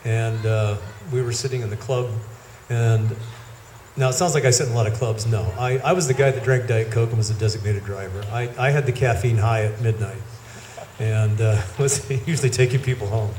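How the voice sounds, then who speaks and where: A man's voice: fairly low pitch, fairly even intonation, fairly quick, darkish tone, slight background noise. A middle-aged man with a head cold, giving a rambling, anecdotal eulogy at an outdoor gathering. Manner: rambling anecdotal storytelling with self-corrections. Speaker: eulogy speaker. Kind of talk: storytelling eulogy. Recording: echoey with faint ambience.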